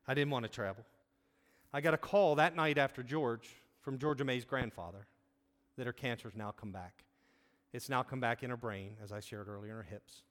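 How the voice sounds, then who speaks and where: A man's voice: mid-range voice, normal speed, fairly bright tone. A man giving a sermon in an earnest, conversational way, telling a personal story with frequent restarts. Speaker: preacher. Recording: long reverb of a large hall.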